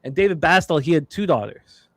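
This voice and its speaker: A man's voice: a little high, animated, brisk, a bit bright, no echo. A man hosting a sports betting show, talking casually with rambling self-corrections and upbeat introductions.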